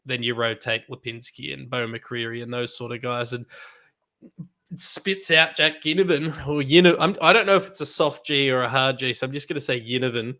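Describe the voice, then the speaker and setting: A man with a mid-pitched voice co-hosts a casual football talk show. He explains points at an easy pace with a laid-back manner. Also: fairly quick, pushed and bright. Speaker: co-host. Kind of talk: casual footy chat.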